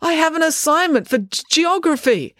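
A woman's voice: high voice, lively intonation, moderate pace, fairly bright tone, no room sound, clean studio sound, voice pushed up. Woman doing a stammering shy teenage boy. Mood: flustered. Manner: stammering, flustered.

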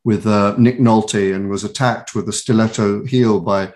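A man's voice: lowish voice, fairly even intonation, a little slow, a little mellow. A British man from England, a voice actor and author, telling stories in a casual interview with many restarts and laughs.

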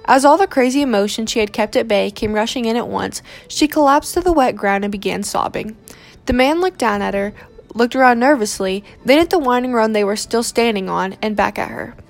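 A woman reading a romance novel aloud in steady, measured narration. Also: fairly high pitch, gravelly, faint music behind.

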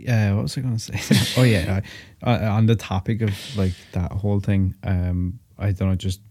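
Male podcast co-host, low and mellow, dry teasing sidekick. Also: level tone, moderate pace. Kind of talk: casual chat.

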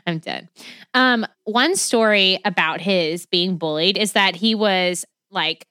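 A woman with a bright, forceful voice tells a true crime story in a loose, chatty way. She swears freely, laughs often and wanders off on tangents. The sound is dry and close to the mic. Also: medium pitch, takes it slowly, smooth, no room sound. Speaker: podcast co-host telling a true crime story. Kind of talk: casual true crime chat.

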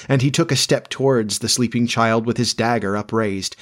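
A man's voice: medium pitch, steady tone, moderate pace. Man reading a classic storybook. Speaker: narrator. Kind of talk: scripted storybook narration.

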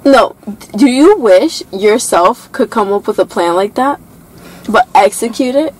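Chatty young woman, slightly high voice. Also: expressive, measured pace, a little mellow, poor audio. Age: young adult. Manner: chatty, asks questions. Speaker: co-host. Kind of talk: casual chat.

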